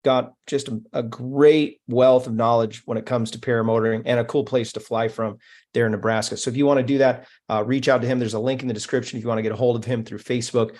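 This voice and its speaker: Flat-voiced man reading sponsor plugs. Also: mid-range voice, fast. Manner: relaxed, with many fillers. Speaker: podcast host. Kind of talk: casual podcast talk, reading sponsor mentions.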